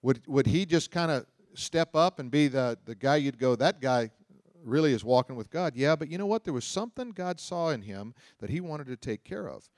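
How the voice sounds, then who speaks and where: A man's voice: mid-range voice, animated, normal speed, dry recording. Conversational male preacher, dry sound. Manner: conversational, asks the audience questions; reads scripture aloud, then explains it. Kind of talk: sermon, Bible teaching.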